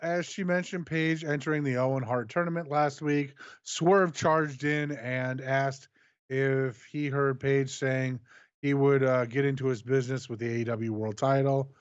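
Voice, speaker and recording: A man co-hosting a stream, recapping the events of a show in a steady, matter-of-fact way. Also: medium pitch, measured pace, clear, resonant tone, no echo, dull audio. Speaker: co-host recapping a wrestling show. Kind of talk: casual recap reading.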